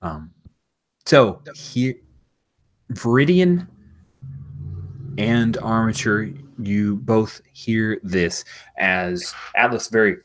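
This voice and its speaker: Low-voiced man running a tabletop game. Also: animated, extremely slow, pauses often. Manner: enthusiastic, rambling, with fillers and laughs. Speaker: game master.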